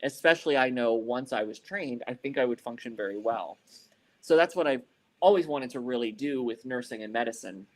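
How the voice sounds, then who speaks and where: A man's voice: mid-range voice, fairly quick. Rambling, swearing man telling a story. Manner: frequent fillers like "like" and "you know". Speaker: podcast co-host. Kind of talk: casual chat.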